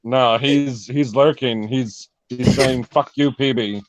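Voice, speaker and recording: A man's voice: mid-range voice, steady tone, slow, no echo. A man co-hosting a live stream, chatting casually and cursing freely in loose banter. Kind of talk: casual chat.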